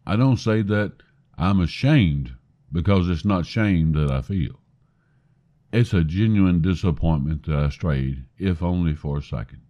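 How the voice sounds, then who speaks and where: Deep-voiced man preaching earnestly. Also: unhurried, mellow, highs cut off. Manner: earnest, questioning the listener directly. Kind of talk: recorded sermon monologue.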